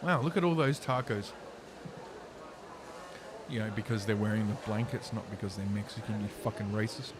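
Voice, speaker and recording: A man's voice: lowish voice, normal speed, long pauses, noisy background. A man hosting a casual ranting commentary stream from his computer, reading news aloud with sarcastic, profane asides and lots of fillers. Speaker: host.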